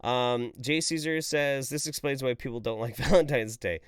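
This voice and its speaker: A man hosting a livestream, reading out viewer chats and ranting about them with profanity and exasperation. He swings between loud outbursts and mumbled asides. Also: mid-range voice, normal speed, clean tone, no room sound, studio quality. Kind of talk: livestream commentary.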